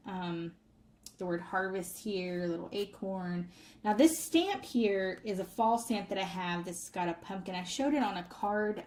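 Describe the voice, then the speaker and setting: Crafter woman, casual how-to tutorial, chatty and rambling, mid-pitched voice, faint hiss behind. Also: a little mellow. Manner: chatty, rambling with many fillers. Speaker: craft vlogger.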